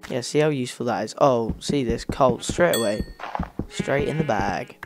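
A man's voice: mid-range voice, moderate pace, over music. A man hosting a gaming channel, casually commenting on his gameplay in a rambling way and talking straight to his viewers. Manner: rambling, talks to viewers while playing.

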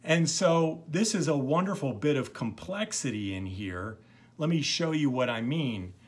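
Brief: middle-aged male lecturer, unhurried, rambling, lots of ums. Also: a little high. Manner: relaxed, rambling, many fillers. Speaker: literature teacher. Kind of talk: recorded lecture.

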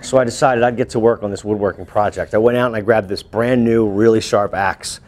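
A male teacher telling a class a lively personal story in a school classroom. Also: lowish voice, fairly quick. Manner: animated, acts out voices and screams.

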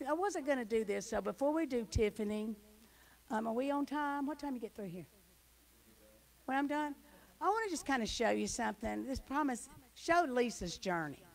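A middle-aged woman, a guest speaker giving an emotional church testimony that swings from hushed to loud. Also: fairly high pitch, vocal fry, poor audio. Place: church hall.

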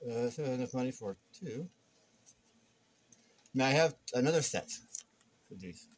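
A man's voice: medium pitch, lively intonation, unhurried, a little hiss or hum. A man vlogging from a shop counter on his phone, rambling and stammering with wry remarks. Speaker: vlogger filming a shop visit. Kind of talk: casual running commentary.

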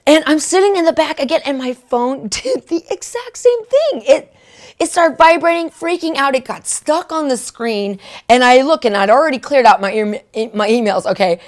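A woman minister telling a testimony in a sermon, excitable, often laughing and asking "right?" and "okay?". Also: high voice. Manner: laughs often mid-sentence.

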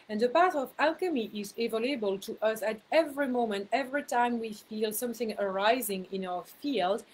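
A woman's voice: medium pitch, poor audio. A woman speaking as a spiritual mentor, giving a casual talk to her viewers in a chatty way, laughing at herself and repeating words for emphasis.

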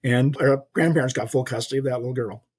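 With a quick pace and a breathy, slightly mellow medium-pitched voice, an older man shares a faith testimony on a podcast. He's an earnest, folksy storyteller who acts out the voices he quotes.

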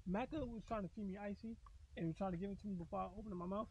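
Vlogger, man, gravelly voice, joking banter, faint hiss behind. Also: high voice, steady tone, racing, a little mellow, lo-fi sound. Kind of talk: casual family vlog chat. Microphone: clip-on microphone.

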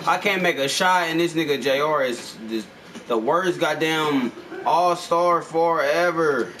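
A young man hosting a gaming channel, loudly and profanely ranting at a teammate during gameplay commentary. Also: fairly high pitch, measured pace. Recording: noisy home gameplay capture.

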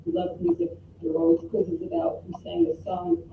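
A woman shares fond memories of a colleague at a memorial service, talking in a relaxed, conversational way with many ums. She sounds tinny and far from the microphone, with a faint hiss underneath. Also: medium pitch, fairly quick, vocal fry, echoey room. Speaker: colleague giving a eulogy. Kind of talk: memorial eulogy with anecdotes.

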